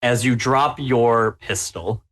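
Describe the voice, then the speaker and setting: Slow and mid-range, with a touch of brightness, this man is the game master of a horror tabletop game. He delights in the players' danger, narrating it with obvious glee.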